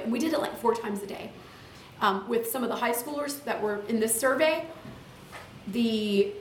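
A woman with a slightly high voice talks to a roomful of listeners, chatty and lively with teacherly asides. She sounds far from the mic in an echoey room, with a faint hum of ambience underneath. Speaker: teacher leading a workshop. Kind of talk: live classroom-style workshop talk. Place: room with audience.

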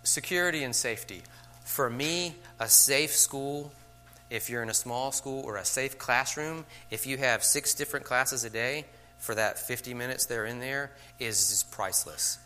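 Man, teacher trainer, bright forceful voice, chatty lecture, frequent okay check-ins, acts out classroom scenes. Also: medium pitch, normal speed, a little hiss or hum.

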